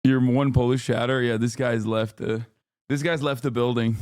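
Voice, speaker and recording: Reacting to a video in a casual live stream from home, a man chats brashly and profanely with viewers and laughs a lot. His mid-range voice is a little mellow and clean, with little pitch movement and a moderate pace, recorded at studio quality with no room sound.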